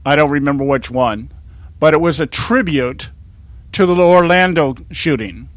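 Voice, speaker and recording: A man's voice: on the high side, normal speed, dry recording. A man in his sixties from California, hosting a talk show in a rambling, indignant monologue with many restarts. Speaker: host.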